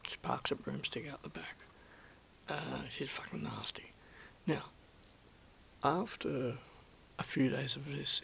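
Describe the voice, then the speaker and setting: A man with an Australian accent telling a story to camera in a casual vlog, animated, swearing freely and dropping into whispers. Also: a little high. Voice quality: gravelly. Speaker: vlogger. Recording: dull lo-fi with faint hiss.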